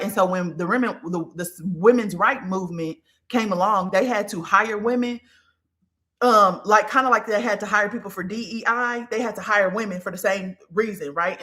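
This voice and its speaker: A woman in her thirties talks through a personal story in a loose, casual monologue. Her voice is bright and forward, and she swears freely and builds up animated tellings. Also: mid-range voice. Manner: candid, profane, animated storytelling. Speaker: podcast host.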